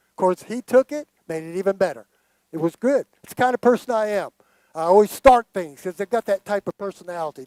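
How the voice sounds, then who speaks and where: An older man in his late sixties with a high voice tells a heartfelt personal story to a gathering. He speaks earnestly and emotionally, turning to the audience now and then. The sound is dry and close, with little room echo. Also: a little fast, darkish tone. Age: late 60s. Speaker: guest speaker. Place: hall of a gathering.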